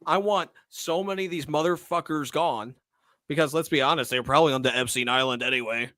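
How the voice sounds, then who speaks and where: A man hosting a political podcast, talking in a loud, profane and combative way. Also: a little high, quick pace, dry recording, clean studio sound. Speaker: podcast host. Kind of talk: crude political podcast banter.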